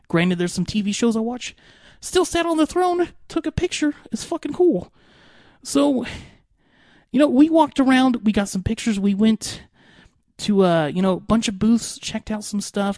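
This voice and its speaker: Excitable rambling young man, podcast host. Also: sits high, no room sound, studio quality. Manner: excitable, rambling, many fillers. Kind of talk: casual podcast recap.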